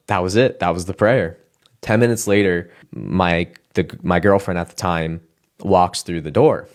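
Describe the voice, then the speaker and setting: Deep-voiced man telling an emotional testimony. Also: fairly even intonation, normal speed. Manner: earnest, emotional, many restarts and "like". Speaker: speaker sharing a personal testimony. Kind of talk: personal testimony, casual storytelling.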